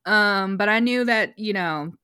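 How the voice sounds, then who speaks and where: A woman's voice: medium pitch, measured pace, bright, forceful tone, clean tone, no room sound, clean studio sound. A woman co-hosting a podcast from home, chatting in a rambling way and laughing easily. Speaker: podcast co-host. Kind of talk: casual chat.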